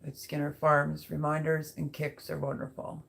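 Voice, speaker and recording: A woman's voice: low voice, monotone, moderate pace, vocal fry, a bit bright. A woman hosting a casual live stream who chats and rambles to viewers while reading their comments aloud. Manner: chatty, rambling, talks straight to viewers. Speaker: livestream host reading chat.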